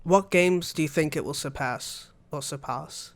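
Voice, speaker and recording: Young male podcast co-host, chatty and rambling, light higher voice. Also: fairly quick. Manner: rambling, chatty, laughs often. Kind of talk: casual gaming chat.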